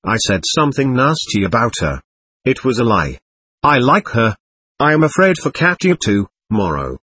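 A man's voice: medium pitch, very animated, moderate pace, fairly bright tone, slight background noise. A man reading as a feverish, delirious young man. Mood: brooding. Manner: rambling, agitated, brooding.

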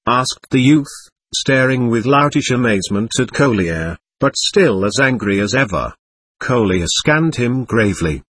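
Man narrating, husky voice, lively pitch, dry close sound. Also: unhurried, no room sound. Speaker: audiobook narrator. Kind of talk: scripted narration of a classic novel.

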